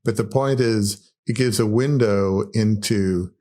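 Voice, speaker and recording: A man's voice: lowish voice, slow pace, a little mellow. A middle-aged man with an Australian accent, speaking earnestly on a podcast with frequent fillers. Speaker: podcast host. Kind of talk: reflective podcast conversation.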